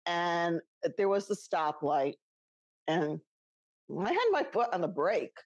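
A woman's voice: lowish voice, expressive, slow, no room sound, muffled recording. A middle-aged woman co-hosting a podcast, telling a personal story in a casual, chatty way and laughing often. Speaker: podcast co-host.

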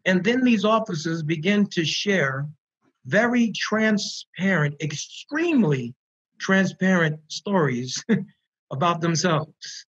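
A man with a high, husky voice tells his stories with earnest energy, doubling back on words to land them. The call audio is muffled and lo-fi. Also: slow pace. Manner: earnest, animated storyteller who repeats words for emphasis. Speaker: founder of a prisoner reentry program. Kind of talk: storytelling in an online panel interview.

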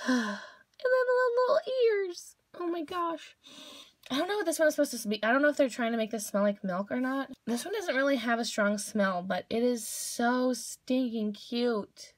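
A woman's voice: a little high, moderate pace, no room sound, clean studio sound. A young woman hosting a casual toy unboxing video, gushing over each cute toy with gasps and squeals.

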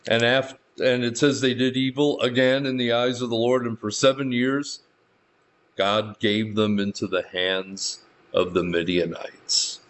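A man's voice: mid-range voice, level tone, a little slow. A man preaching a sermon as a Bible teacher, in an earnest storytelling manner with light touches of humor. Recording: muffled lo-fi recording.

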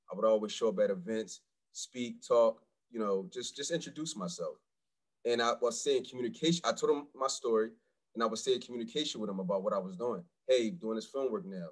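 A man on a career panel, telling his story with lively, acted-out dialogue. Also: medium pitch, low-quality recording. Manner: animated, acts out other people's lines.

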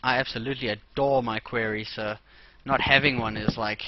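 A man's voice: medium pitch, fairly even intonation, moderate pace. A young man hosting a let's play, rambling casually and talking to himself as he plays. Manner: rambling, talks to himself while playing. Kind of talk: casual gameplay commentary. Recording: dull lo-fi mic with clear noise.

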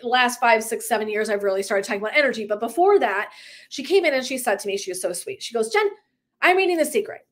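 A woman's voice: on the high side, fast talker. A woman wellness coach talking live to her viewers, candid and emphatic, swearing casually and acting out stories as she goes. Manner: animated storyteller who acts out clients' lines. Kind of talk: livestream talk to viewers.

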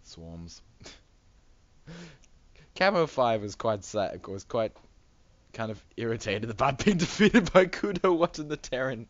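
A man with a low voice calls a game tournament in loose, rambling chat and breaks into giggles often. His pitch swings widely as he talks. The recording sounds dull and lo-fi. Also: big pitch swings, measured pace, pauses often, no room sound. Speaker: tournament host and commentator. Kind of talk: casual game commentary.

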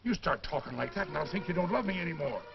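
A boozy, coaxing soldier. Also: male voice, fairly high pitch, lively intonation, fast talker, gravelly, over loud music. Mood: wheedling. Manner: coaxing, sweet-talking, sly. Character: boozy, wheedling old cavalry soldier. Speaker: film actor. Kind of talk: 1950s film acting. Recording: dull old film soundtrack with hiss.

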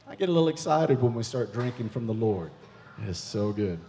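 A man leading prophetic ministry at a church service, playful and excitable, joking with the congregation. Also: mid-range voice, brisk, big-room sound, a little hiss or hum. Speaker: guest minister. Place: church sanctuary.

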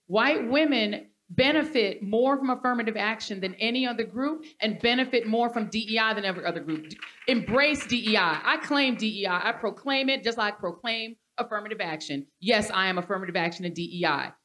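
Woman, moderator, live stage conversation, emphatic, blunt, playful, average pitch. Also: fairly quick, a bit bright.

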